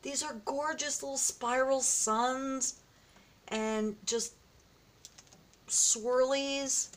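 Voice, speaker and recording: A woman's voice: high-pitched, steady tone, extremely slow, long pauses. A woman vlogging casually as she opens gifts, effusive and gushing, often gasping and exclaiming. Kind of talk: casual vlog, opening gifts from a viewer.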